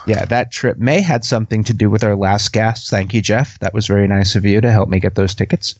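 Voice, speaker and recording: A man's voice: fairly low pitch, fairly quick, a little mellow, dry recording, muffled recording. A man co-hosting a casual podcast, telling a story in a rambling way and laughing often. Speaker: podcast co-host.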